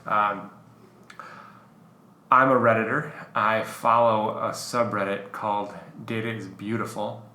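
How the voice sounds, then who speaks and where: A man with a lowish, bright, forceful voice co-hosts a casual podcast, rambling through his points with plenty of fillers. The room is roomy and echoey, with a faint hiss. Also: measured pace. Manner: relaxed, rambling, filler-heavy. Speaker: podcast co-host.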